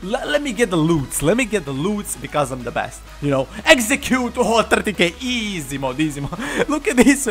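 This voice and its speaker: A man's voice: high voice, very animated, moderate pace, few pauses, a bit bright. A man giving boastful, foul-mouthed gameplay commentary, trash-talking opponents and laughing often. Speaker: gamer. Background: faint background music.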